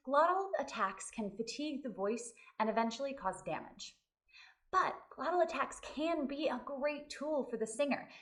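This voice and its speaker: A woman voice teacher giving a vocal lesson, explaining clearly and singing short demonstrations. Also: a little high, distant mic.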